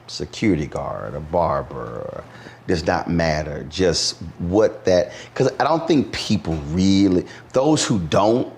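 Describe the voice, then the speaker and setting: Deep gravelly animated male host. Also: unhurried, a little hiss or hum. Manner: animated storyteller, acts out quotes. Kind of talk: conversational interview.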